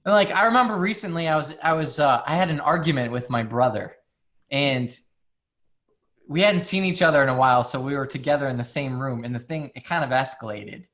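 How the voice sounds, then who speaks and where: A man's voice: medium pitch, brisk, a bit bright. A man who works as a psychologist, talking candidly in a casual conversation, full of restarts and "like". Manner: candid, filler-heavy, many restarts and "like".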